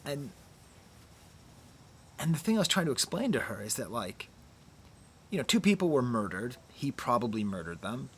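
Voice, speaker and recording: A middle-aged man giving casual film commentary to camera outdoors, talking softly, almost in a whisper, musing with quick laughs. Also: mid-range voice, very animated, a little hiss or hum. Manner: soft, near-whispered delivery. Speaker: YouTube critic. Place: outdoors near trees.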